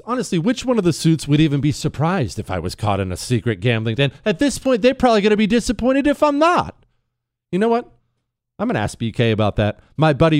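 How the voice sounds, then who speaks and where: Delivering a talk show opinion piece, a man speaks in a smooth, resonant mid-range voice right into a studio mic, with no room reverb. He's pointedly sarcastic, swinging from mocking glee into flat disdain.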